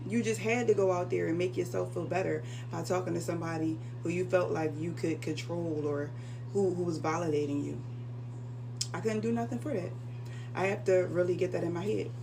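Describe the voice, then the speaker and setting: A woman's voice: on the low side, fairly quick, vocal fry, noisy background. A woman telling her own story in a casual, emotional storytime monologue, repeating phrases for emphasis.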